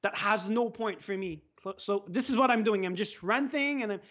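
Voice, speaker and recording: Quebec French man, excitable guest in a casual chat, lo-fi sound. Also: sits high, normal speed. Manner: excitable, laughing, swearing. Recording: dull lo-fi sound.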